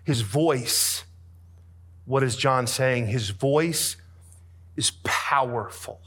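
A man delivers a sermon, shifting dramatically between hushed, soft passages and booming, emphatic lines. His voice has a breathy edge, and he draws out his words.

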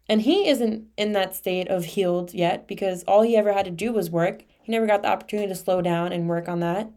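A woman's voice: mid-range voice, brisk, hardly any pauses, warm tone. A young adult woman hosting her own podcast, speaking in a candid, emotional confessional monologue full of "like" and casual swearing. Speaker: podcast host.

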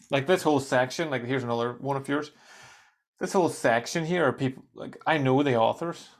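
With a medium-pitched voice, a man hosts a casual podcast conversation, animated and swearing freely while tossing in quick asides.

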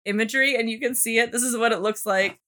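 A woman with a somewhat high voice tells a history story to her friends in an easy podcast chat. She is animated, swears freely and fills her sentences with "like". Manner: animated, swearing, lots of fillers.

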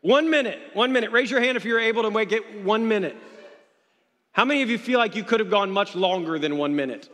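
Guy preaching a sermon, high voice, gets loud and passionate, echoey church hall. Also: brisk. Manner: passionate, builds to shouting refrains. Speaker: pastor. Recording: long hall reverb.

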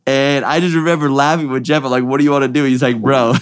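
A young man, a drift racing driver, telling a story with excitement and acting out the voices of the people in it. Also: mid-range voice, fast talker, clear, resonant tone, faint music behind. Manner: excited, acts out voices in quotes. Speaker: drift driver, podcast guest. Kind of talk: animated storytelling.

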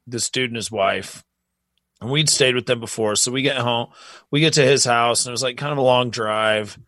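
A young man in casual podcast chat, rambling through a tour story in a loose, easygoing way. His voice sits at an ordinary middle pitch. The sound is close and dry, with no room around it. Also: moderate pace, fairly bright tone, no echo. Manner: laid-back, rambling with many fillers. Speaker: podcast co-host.

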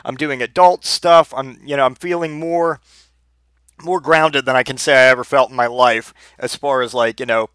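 A man's voice: medium pitch, fairly even intonation, moderate pace, fairly bright tone, smooth, no room sound. Rambling, cursing man in his thirties. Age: 30s. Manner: rambling, profane, repeats words. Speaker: storyteller. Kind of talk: casual personal storytelling.

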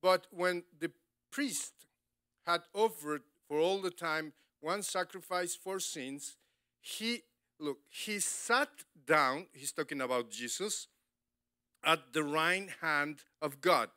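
A man preaches with a high, bright voice. He keeps an unhurried pace, speaks in animated, broken English and laughs often. The sound is dry and close, with little room around it. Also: dry recording. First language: Spanish. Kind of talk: sermon.

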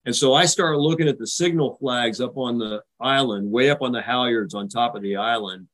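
A man's voice: medium pitch, normal speed, low-quality recording. Older man telling a war story. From United States. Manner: vivid, animated retelling, acting out radio calls. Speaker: guest. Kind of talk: storytelling in a podcast interview.

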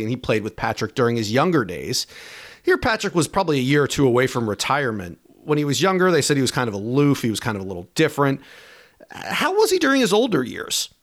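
A man's voice: mid-range voice, a bit bright. A man hosting a podcast, reading game recaps before asking the guest a question. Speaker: podcast host. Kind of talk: interview questions.

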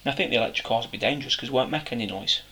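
A man whose voice has a very sharp, bright edge, speaking bluntly and offering strong opinions in a casual chat. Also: medium pitch, very fast.

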